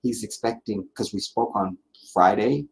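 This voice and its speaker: This livestream host speaks at a moderate pace in a lowish, darkish voice, chatting loosely with viewers and reading their comments. He rambles, repeats himself and laughs readily, and the rough recording carries some hiss or hum.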